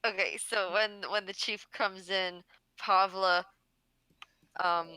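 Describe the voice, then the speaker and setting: A woman playing a tabletop game, calmly describing what her character does. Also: mid-range voice, slow, clean tone, no room sound, poor audio. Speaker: player.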